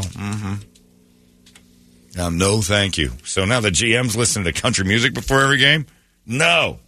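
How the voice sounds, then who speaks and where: A man's voice: on the low side, normal speed, long pauses, sharp tone, some chatter behind, a little hiss or hum. A man hosting a morning radio show, ranting sarcastically in casual banter. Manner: sarcastic, mocking rants.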